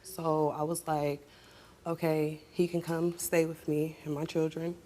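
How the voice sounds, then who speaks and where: A woman's voice: deep voice, level tone, measured pace, mellow, a little hiss or hum. A woman guest on a talk show, recounting a painful family story and growing heated as she argues with her mother. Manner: heated, talks over others. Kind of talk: emotional testimony on a talk show.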